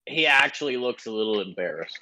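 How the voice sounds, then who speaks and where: A man's voice: mid-range voice, expressive, a little fast, sharp tone, dry recording, poor audio. A man narrating as game master for a tabletop game, hesitant and restarting often.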